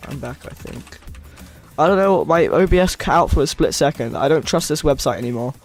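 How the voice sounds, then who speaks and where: A man's voice: on the high side, lively intonation, brisk. A young man live-streaming, chatting casually with viewers in a rambling, hesitant way with lots of fillers. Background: faint background music.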